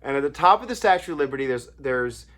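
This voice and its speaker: A man of middling pitch talks through songwriting craft in a loose, anecdotal way. He circles back on himself often, with fillers and restarts, like someone thinking aloud. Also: animated, quick pace, a bit bright. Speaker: songwriter and lyricist. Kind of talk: casual talk on songwriting craft.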